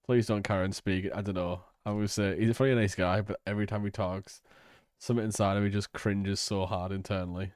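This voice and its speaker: A man's voice: fairly low pitch, steady tone, fast, a little mellow, clear, resonant tone, no echo, studio quality. A man giving rambling, crude, hesitant commentary on a livestream.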